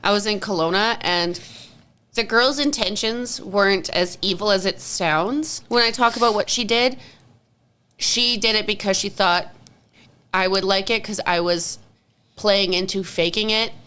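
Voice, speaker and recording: Young woman, podcast co-host, lively storyteller, swears a lot, casual chat. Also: medium pitch, measured pace, clean tone. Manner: animated storytelling, swears freely.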